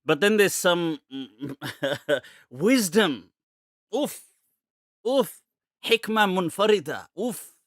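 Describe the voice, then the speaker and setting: A man's voice: high-pitched, lively intonation, very slow, pauses often, no room sound, studio quality. A man hosting a live-stream question-and-answer show, joking and laughing often and slipping in Urdu phrases. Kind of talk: casual live-stream chat.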